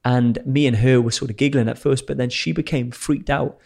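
A young man tells his story in a loose, lively way, acting out bits of dialogue and dropping the odd swear word. His voice sits in an ordinary middle pitch. The delivery is chatty. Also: brisk, vocal fry. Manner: animated storyteller, swears freely, acts out quotes. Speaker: explorer telling his adventures as a guest. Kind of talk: casual storytelling.

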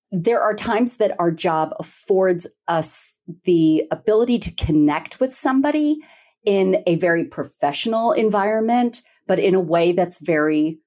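A female teacher co-hosting a casual chat, telling animated, emotional stories and laughing often. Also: on the low side. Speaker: co-host, teacher.

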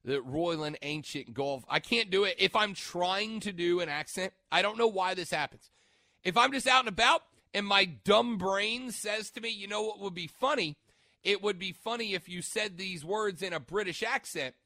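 Male sports radio host, bright and a touch high, chatty and rambling, dry close mic. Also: moderate pace, dry recording. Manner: chatty, rambling, stops mid-sentence to check notes. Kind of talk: casual sports radio chat. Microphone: studio microphone.

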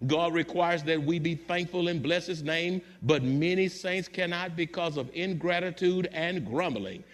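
A man's voice: on the high side, a little slow. A man preaching a sermon to his church congregation, building fervor through repetition. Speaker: pastor. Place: church sanctuary.

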